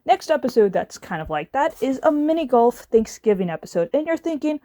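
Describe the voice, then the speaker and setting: A woman's voice: sits high, very animated, brisk, mellow, dry recording, studio quality. A woman delivering a casual, exasperated rant as a video reviewer, sarcastic and swearing now and then. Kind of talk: casual ranting commentary.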